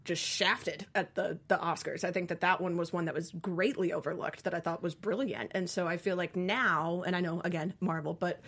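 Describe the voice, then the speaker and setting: A woman's voice: lowish voice, fairly even intonation, normal speed, hardly any pauses, a bit bright, breathy edge. A woman on a casual panel discussion, sharing earnest opinions while thinking aloud.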